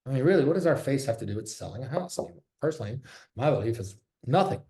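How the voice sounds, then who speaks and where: Mellow-voiced man in an echoey office. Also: mid-range voice, animated, quick pace. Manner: candid and jokey, swears freely. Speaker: real estate agent giving a talk. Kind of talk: casual presentation. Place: his office. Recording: roomy echo.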